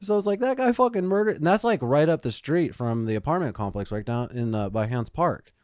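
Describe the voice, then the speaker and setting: A man's voice: mid-range voice, animated, fairly quick, darkish tone, clean tone, no echo. Casual male podcast co-host, profane rambling storyteller, clean dry close-mic sound. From Phoenix, Arizona. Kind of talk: casual chat.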